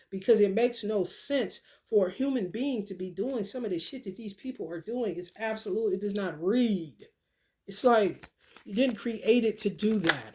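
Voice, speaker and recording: A woman ranting straight to her viewers in a casual, swearing monologue, calling them "y'all" and "honey" as she preaches. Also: medium pitch. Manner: animated, swearing, preachy rant. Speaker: vlogger.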